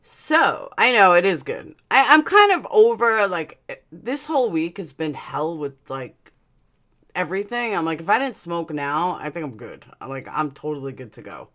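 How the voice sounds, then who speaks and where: A woman with a lowish, fairly bright, sing-song voice at normal speed hosts a casual livestream, reading her chat and talking bluntly. Dental aligners give her speech a slight lisp.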